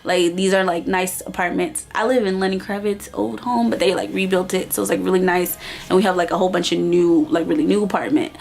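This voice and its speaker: A woman's voice: lowish voice, steady tone, brisk, creaky, darkish tone, soft background music. A young woman vlogger telling a storytime in casual, slangy chat, acting out the voices of everyone in it.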